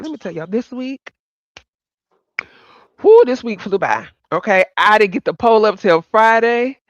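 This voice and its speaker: A woman's voice: lowish voice, no echo. Woman, livestream host, chatty, laughing, muffled lo-fi sound. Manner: chatty, laughs often, greets viewers by name. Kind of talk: casual livestream chat.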